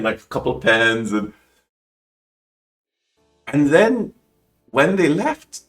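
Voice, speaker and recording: A man with a very low, deep voice tells a personal story as a podcast guest. He is emotional and animated, leaping up in pitch when he acts out what people said, and he often breaks off and restarts his sentences. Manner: animated, acts out quoted lines with big pitch jumps. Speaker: guest calligrapher.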